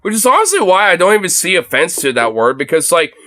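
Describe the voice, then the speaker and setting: A man's voice: high voice, wildly swooping pitch, fast, sharp tone, no room sound. A man hosting a livestream, reacting to videos in casual, profane commentary, laughing often and mocking.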